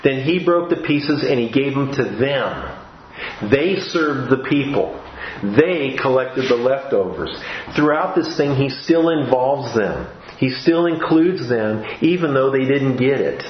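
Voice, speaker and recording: A man's voice: medium pitch, expressive, slow pace, slight background noise. Male preacher, earnest, restarts often, roomy dull recording. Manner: earnest, with frequent restarts and repeated phrases. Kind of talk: sermon.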